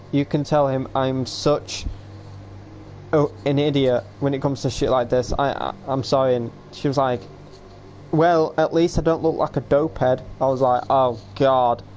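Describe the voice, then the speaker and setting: Mid-range and darkish, the host's voice barely moves in pitch as he talks at a moderate pace. His livestream story meanders, relaying what others said with "I was like," broken up by yawns and hiccups, with a little background noise audible.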